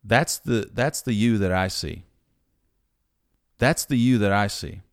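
A man's voice: fairly low pitch, a little slow, no room sound, clean studio sound. A man voicing a friendly male street painter in a story told during a sermon, inviting and encouraging. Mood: earnest.

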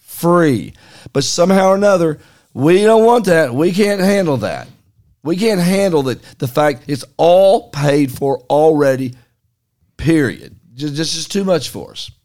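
A man's voice: a little high, lively intonation, a little slow, a little mellow. A man, a former pastor who co-hosts a podcast, chatting casually and quoting scripture. He talks emphatically and insistently, repeating his key words.

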